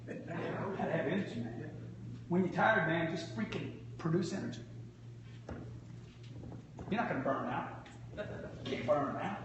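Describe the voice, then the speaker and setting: A man in his fifties telling a story to a live audience as a motivational speaker, loud, brash and profane, often laughing. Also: on the high side, expressive, a little slow, pauses often, dull audio, noisy background. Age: 50s. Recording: echoey hall picked up from far off.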